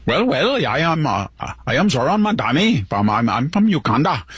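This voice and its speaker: A man doing a mocking impression of a male politician, speaking in an exaggerated, halting put-on accent. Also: medium pitch, big pitch swings, fairly bright tone, breathy edge, no room sound, pitched above the performer's own voice, heavily acted.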